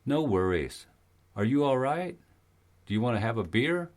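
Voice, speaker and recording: Narrator doing a breezy British climber. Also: male voice, mid-range voice, sing-song, normal speed, pitched above the performer's own voice, close to an everyday voice. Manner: lighthearted, easygoing. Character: friendly young British male climber.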